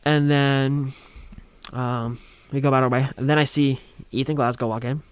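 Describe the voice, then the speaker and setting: A man's voice: mid-range voice, flat delivery, moderate pace, smooth, no echo. A young man telling a rambling, funny story on a college radio show, acting out quotes and laughing along.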